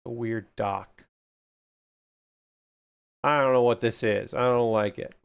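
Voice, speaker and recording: Male hobby streamer, casual and excitable, mutters to himself, swears a lot, ordinary mid-range voice. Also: medium pitch, slow, creaky, clear, resonant tone. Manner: excitable, gushing about kits. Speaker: livestreamer building model kits. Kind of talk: casual livestream chat.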